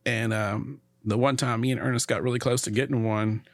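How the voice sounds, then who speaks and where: In a casual podcast conversation, a middle-aged male guest tells a long story with lively energy, performing the voices of the people in it. He talks briskly at a medium pitch, and there is no room sound.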